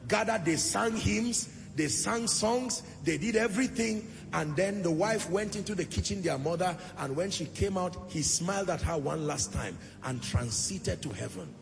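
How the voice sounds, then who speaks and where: A man's voice: sits high, animated, normal speed, gravelly, few pauses. A man preaching a sermon, impassioned, often swelling into sung, chanting phrases. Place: church hall. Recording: long church hall reverb.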